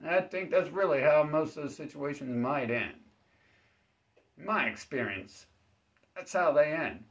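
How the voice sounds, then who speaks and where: A man hosting his own channel, giving a rambling deadpan comedic monologue that sometimes jumps into high-pitched acted-out voices. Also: measured pace. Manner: acts out exchanges with sudden high-pitched voices; laughs at his own dark jokes. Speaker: self-defense channel host. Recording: slightly dull, lo-fi recording.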